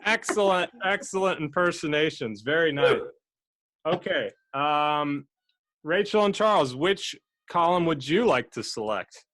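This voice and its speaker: A man runs a casual game show over a video call. He is chatty and loose, and his voice sits a bit high for a man. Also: a little slow, no echo. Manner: relaxed, chatty, with frequent fillers.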